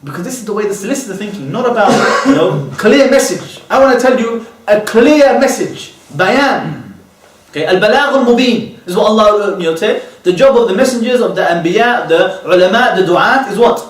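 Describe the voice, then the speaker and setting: A man's voice: sits high, lively intonation, a little fast, a little hiss or hum. A man giving a religious lecture. He keeps checking in with "okay?", asks rhetorical questions, and restates his key terms. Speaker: Islamic lecturer. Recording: echoey room, voice from far off.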